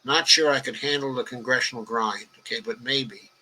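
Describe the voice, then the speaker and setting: An elderly man from the Bronx with a strikingly bright, sharp-edged voice. He hosts a political stream, reading viewer comments aloud and chatting back at them. His talk rambles along, padded with "okay" and "uh". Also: mid-range voice, moderate pace, rough recording. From New York, the Bronx. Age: 80s. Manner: rambling and conversational, peppered with "okay" and "uh". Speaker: political livestream host.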